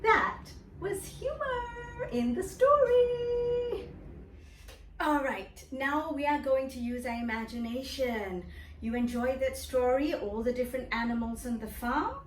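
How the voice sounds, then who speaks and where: A woman teaching a children's drama lesson in an animated, sing-song way, making animal noises for the kids to copy. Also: high-pitched, unhurried, a little hiss or hum. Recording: echoey room, mic at a distance.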